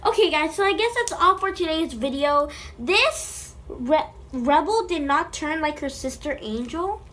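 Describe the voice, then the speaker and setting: Woman, high voice, slow delivery, playful slime vlogger who talks to her slime, phone-recorded. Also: lively intonation, fairly bright tone, a little hiss or hum. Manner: playful, chatting to the slime as if it were alive. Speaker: slime video creator. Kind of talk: casual slime-making vlog.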